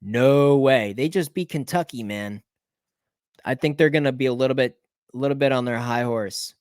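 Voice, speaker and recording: A man at an ordinary middle pitch talks through his betting picks in a loose, rambling way. He thinks aloud, stops to check scores and corrects himself as he goes. His voice sounds close and dry, with no room around it. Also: normal speed, no echo. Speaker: sports betting picks host. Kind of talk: casual solo picks rundown.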